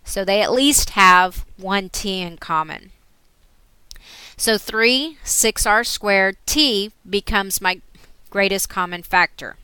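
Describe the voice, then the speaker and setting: Bright, clear woman teaching algebra step by step. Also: medium pitch, slow, dry recording. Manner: steady step-by-step explaining. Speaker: math teacher. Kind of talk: recorded screen lesson.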